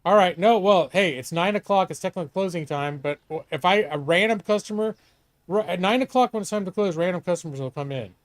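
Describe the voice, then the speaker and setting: A man's voice: sits high, quick pace, no echo. Middle-aged man, live gameplay commentary, chatty and profane, dry close sound. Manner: chatty, profane, talks to himself and a co-host. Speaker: streamer.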